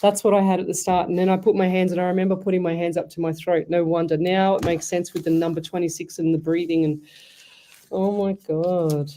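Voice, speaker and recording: A woman's voice: lowish voice, level tone, fairly quick, mellow, a little hiss or hum. An Australian woman hosting a live psychic radio show, chatty and effusive, rambling through stories. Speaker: psychic medium radio host. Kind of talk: casual live radio chat.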